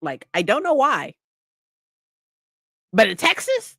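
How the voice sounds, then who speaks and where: A young woman from California chatting casually on a livestream between reading sprints, animated, swearing often and laughing a lot. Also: high-pitched, takes it slowly, dry recording, studio quality. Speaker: streamer hosting reading sprints.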